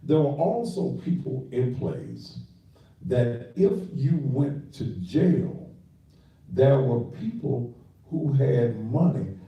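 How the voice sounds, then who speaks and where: A man's voice: medium pitch, lively intonation, slow pace, very echoey, distant mic, lo-fi sound. An older man hosting a talk show, lecturing his listeners in a preachy, scolding way. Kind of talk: radio commentary.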